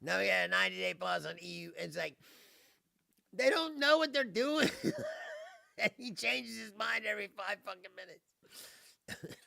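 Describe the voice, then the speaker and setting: A man rants casually on a livestream, swearing and laughing. His voice is high, gravelly and sharply bright, and it swings widely in pitch. The sound is close and dry. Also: animated, measured pace, long pauses, no room sound. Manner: profane, laughing often, mocking impressions. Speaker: livestream host. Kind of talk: casual ranting political monologue.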